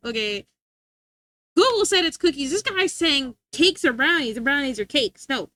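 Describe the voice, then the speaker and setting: A woman's voice: sits high, sing-song, normal speed, pushed and bright, no room sound. A woman streaming live and chatting casually with her chat, playful and teasing, laughing often.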